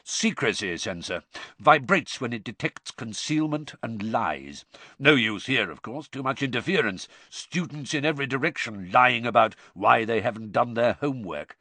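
A man reading aloud and voicing a gruff, suspicious old male wizard who growls his words, in a storybook reading. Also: mid-range voice, lively intonation, normal speed, sharp tone, no echo.

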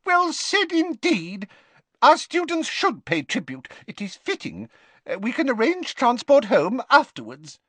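A man voicing a tiny, squeaky old male wizard professor in an audiobook reading. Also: a little slow, no room sound, heavily acted. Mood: earnest. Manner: squeaky, excitable.

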